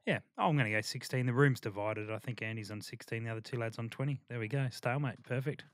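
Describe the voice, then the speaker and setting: Brief: male podcast host, relaxed, steady mid pitch, dry close sound. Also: quick pace, no echo. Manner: laid-back, leads questions, laughs often. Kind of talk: casual chat.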